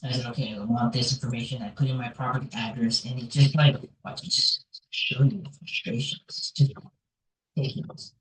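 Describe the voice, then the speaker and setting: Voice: medium pitch, steady tone, a little fast. A vlogger talking casually while walking through a website on screen, rambling and tossing in "like" and "right?" a lot. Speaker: real estate investor vlogger. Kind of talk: casual screen walkthrough vlog. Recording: echoey room, voice far from mic.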